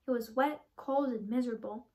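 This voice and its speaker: A teenage girl reading a children's picture book aloud in a clear, expressive way. Her voice sits fairly high, and she paces the story for young listeners. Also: normal speed. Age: teens. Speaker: storybook reader.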